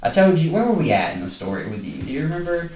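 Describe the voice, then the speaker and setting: A man's voice: a little high, quick pace, distant mic, a little hiss or hum. A man co-hosting a casual comedic movie podcast, joking and laughing often with plenty of swearing. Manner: animated, laughs often, profane. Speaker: podcast co-host. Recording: roomy echo, off-mic.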